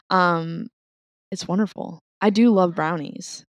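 A woman's voice: fairly low pitch, fairly quick, creaky, no echo, studio quality. A woman, co-hosting a podcast in casual, playful chat. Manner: giggly, playful, animated storytelling. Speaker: podcast co-host.

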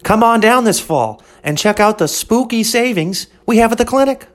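A man's voice: animated, moderate pace. A man voicing a flustered animal-shelter ad announcer who keeps redoing his takes. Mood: cheery pitch. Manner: cheery ad pitch breaking into irritated rants.

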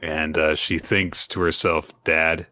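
A man co-hosting a casual podcast, retelling a chapter in a chatty way with lots of fillers and pitch jumps for quoted lines. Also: normal speed, pushed and bright. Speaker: podcast co-host. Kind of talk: casual chat recapping manga chapters.

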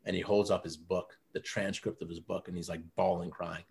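A man's voice: low voice, flat delivery, fairly quick, vocal fry, a little mellow, slight background noise. A man who runs a men's coaching program, telling stories in a casual interview with lots of fillers. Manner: earnest, storytelling, many fillers like "you know" and "like".

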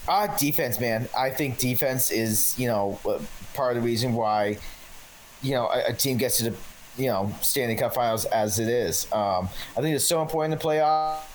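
A man's voice: mid-range voice, normal speed, slight background noise, low-quality recording. A man co-hosting a sports podcast, rambling with lots of fillers. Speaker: podcast co-host. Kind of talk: casual podcast chat.

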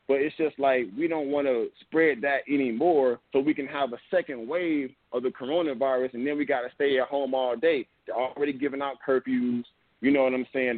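A man's voice: mid-range voice, no echo. Earnest rambling man on a tinny line. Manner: earnest, rambling, frequent "you know what I'm saying". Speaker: podcast host. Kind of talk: casual opinion talk. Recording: dry, tinny phone-like sound.

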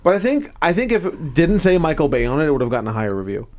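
A man co-hosting a casual movie review chat, animated and often laughing at himself. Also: a little high, racing. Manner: animated, laughing, self-questioning. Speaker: podcast co-host.

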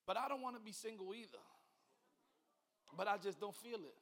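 High-voiced preacher with a bright, ringing voice. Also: male voice, expressive, a little fast, pauses often. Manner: call-and-response preaching, swings from quiet to shouting. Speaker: pastor. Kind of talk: sermon. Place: church.

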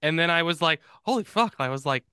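Chatty podcast guy, bright crisp voice, super dry close mic. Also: on the high side, fairly even intonation, no echo. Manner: chatty, quick restarts, reads stats. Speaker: podcast co-host. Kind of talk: casual chat.

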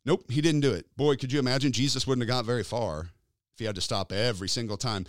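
A man's voice: on the low side, fast talker, no room sound, clean studio sound. A man preaching a sermon, telling a story and acting out the people in it. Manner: animated storytelling, acting out quoted voices.

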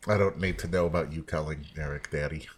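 A man's voice: extremely low pitch, fairly even intonation, quick pace, background noise. A man hosting a podcast, chatting casually and joking with friends over beers, rambling with fillers. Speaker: podcast host.

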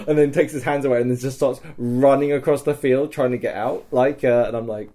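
A podcast guest with a medium-pitched voice tells an animated story about a live-action role-play event, talking a little fast with few pauses. He swears often, laughs a lot and keeps restarting sentences.

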